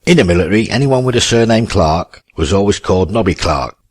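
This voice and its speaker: A man voicing Elvin, a cheerful, chatty elderly Cockney ex-soldier who plays bass. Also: expressive, a little fast. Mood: cheery. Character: cheery old Cockney male ex-soldier bassist.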